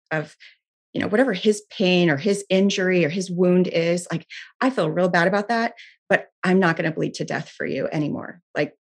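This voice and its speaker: A woman being interviewed, earnestly telling a personal story in a candid way, often saying "like" and restarting her sentences. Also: fairly low pitch. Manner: earnest, frequent filler "like", restarts. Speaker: interview guest.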